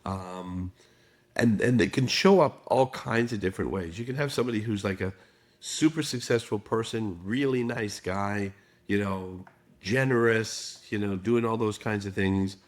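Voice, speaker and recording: Speaking at a moderate pace in a lowish voice, a middle-aged expert guest on a podcast relays stories during the interview, voicing the quoted lines as if performing them.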